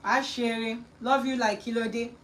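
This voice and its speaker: Animated Nigerian woman host. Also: on the high side, measured pace, distant mic, low-quality recording. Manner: animated, mixing Pidgin and Yoruba, scolding asides. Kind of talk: livestream storytelling chat.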